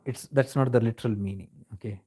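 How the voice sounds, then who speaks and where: A man's voice: mid-range voice, fast talker, warm tone, husky. A man giving a reflective spiritual discourse, telling stories in a conversational way and slipping into Hindi phrases. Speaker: spiritual teacher.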